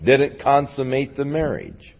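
A man's voice: medium pitch, animated, measured pace, lo-fi sound. A man teaching a Bible lesson as a folksy, conversational retelling. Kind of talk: casual Bible lesson storytelling.

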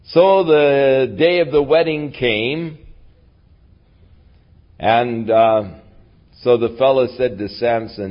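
A mid-range male voice gives a casual Bible lesson as a folksy, conversational retelling, speaking slowly and pausing often. The sound is lo-fi.

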